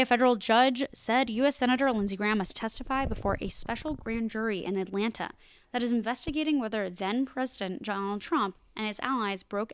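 A woman's voice: on the high side, clean tone, dry recording. A young adult woman co-hosting a podcast. She reads news items and breaks in with casual, sarcastic asides. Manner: chatty, sarcastic asides, heavy "like" filler. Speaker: podcast co-host.

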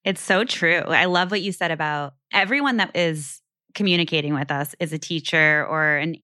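A woman with a low-pitched voice that still sounds bright and sharp, talking on a podcast. Her tone is crisp and smooth, recorded dry and close with no room sound. She backs up her co-host with eager agreement and easy laughter. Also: no echo. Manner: encouraging, affirming, quick to agree and laugh. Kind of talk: casual conversational podcast chat.

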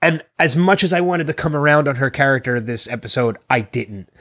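A man's voice: medium pitch, fairly even intonation, a bit bright, no room sound, muffled recording. A man co-hosting a casual TV recap podcast, talking with lots of fillers and frequent laughter. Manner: halting with fillers, laughs often. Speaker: podcast co-host.

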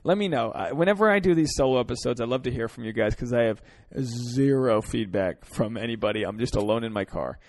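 A man hosting a solo podcast from his parked car, ranting earnestly with lots of swearing, swinging between fired-up pleas and quieter reflection. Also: medium pitch, animated, brisk, hardly any pauses, dry recording. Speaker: podcast host.

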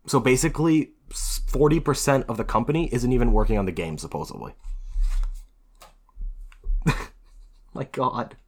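A man's voice: medium pitch, normal speed, pauses often. A man telling rambling stories in a casual podcast chat, swearing freely. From United States. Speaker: podcast co-host.

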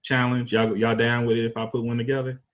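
A man with an East Texas accent hosting a casual chat, talking slowly in a laid-back drawl. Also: medium pitch, flat delivery. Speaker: podcast host.

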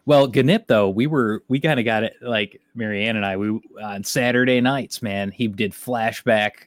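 A man's voice: on the low side, normal speed, no echo. A middle-aged man from the Detroit area chatting casually as a podcast host, rambling and swearing offhandedly. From Detroit area, Michigan. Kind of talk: casual chat.

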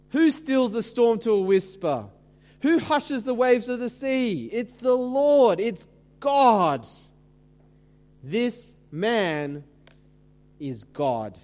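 Man, pastor, sermon, high voice, rhetorical questions, conversational preaching. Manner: dramatic scripture reading.

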